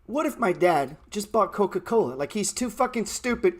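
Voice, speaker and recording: A man's voice: high-pitched, animated, moderate pace. A man in his thirties hosting a trading show, giving a blunt, mocking, profane motivational rant. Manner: blunt, brash and mocking, heavy swearing.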